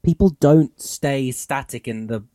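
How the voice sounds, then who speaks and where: A man's voice: medium pitch, measured pace, warm tone, no echo, studio quality. A man co-hosting a podcast in casual chat, rambling and musing with lots of fillers. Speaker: podcast co-host.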